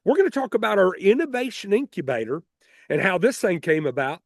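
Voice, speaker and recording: High-voiced chatty male talk show host. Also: very animated, brisk, no echo, clean studio sound. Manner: folksy, chatty, counts down to air. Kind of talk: hosting an online talk show.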